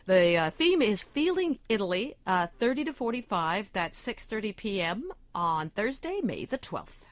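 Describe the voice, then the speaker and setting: A woman's voice: medium pitch, big pitch swings, normal speed, no echo. A woman co-hosting a radio show in a studio, cheerfully reading out event listings. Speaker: guest co-host. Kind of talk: casual radio chat.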